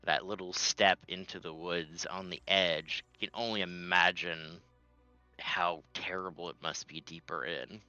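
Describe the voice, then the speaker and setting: Bright-voiced male game master. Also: sits low, a little slow, smooth, dry recording, highs cut off, faint music behind. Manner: lively, laughs often. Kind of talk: narrating a tabletop game.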